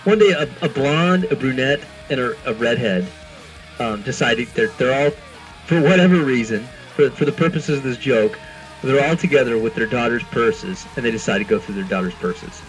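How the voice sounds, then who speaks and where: A man's voice: medium pitch, expressive, normal speed, faint music behind, rough recording. A man co-hosting a podcast, trading dry wisecracks and telling a dirty joke. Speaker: podcast co-host. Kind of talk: casual crude banter.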